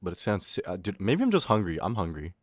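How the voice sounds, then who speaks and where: Male streamer, animated pitch, dry close-mic sound, rowdy chat reading. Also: fast talker, no echo. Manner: loud, swearing, swings from yelling to low mutters. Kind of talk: casual livestream chat with viewers.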